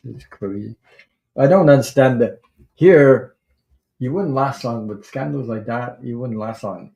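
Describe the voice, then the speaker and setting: A man hosting a tarot livestream, chatting casually and rambling, with halting restarts while he greets viewers. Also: lowish voice, creaky, mellow. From Canada.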